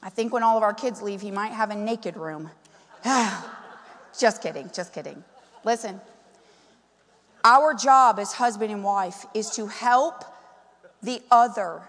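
A woman preaching a sermon, animated and full of questions to the congregation. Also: mid-range voice, measured pace, pauses often, long reverb tail. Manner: animated, asks the crowd many questions. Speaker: pastor's wife preaching.

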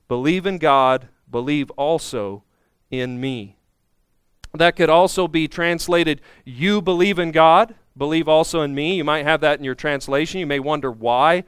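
Smooth-voiced man preaching a sermon. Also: on the high side, a bit bright, no room sound, studio quality. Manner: earnest teaching, acts out Bible speakers. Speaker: pastor. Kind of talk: expository sermon.

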